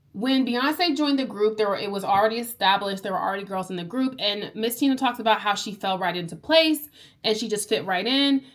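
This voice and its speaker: A woman's voice: mid-range voice, fairly bright tone. Woman book-club vlogger, casual chatty recap with swearing and fillers. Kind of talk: casual book review chat.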